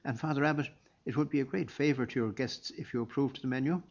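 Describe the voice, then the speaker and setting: Brief: a man playing a polite practical guest, husky, muffled recording. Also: mid-range voice, fast talker, a little mellow, natural voice. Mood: courteous.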